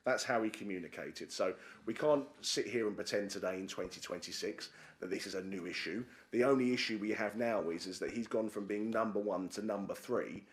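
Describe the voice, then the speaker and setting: A man's voice: on the low side, fairly quick, hardly any pauses. A man chairing a council committee, speaking with many fillers and repeated words. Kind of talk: committee debate speech. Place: council chamber.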